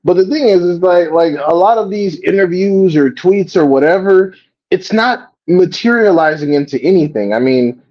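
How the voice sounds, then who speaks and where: A man hosting a live reaction stream, talking casually and profanely in an animated rant. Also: sits high, moderate pace, highs cut off. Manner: animated, profane, mocks others in quoted voices. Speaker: host.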